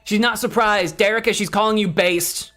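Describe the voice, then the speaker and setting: A man's voice: high voice, moderate pace, sharp tone, soft background music. A man streaming a video game, chatting casually, laughing often and thinking aloud as he reacts to what happens on screen. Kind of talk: casual let's-play commentary.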